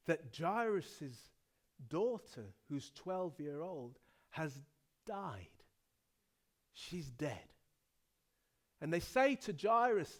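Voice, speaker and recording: A middle-aged male pastor from England preaching a sermon, telling the story dramatically and swinging from hushed to loud. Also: a little high.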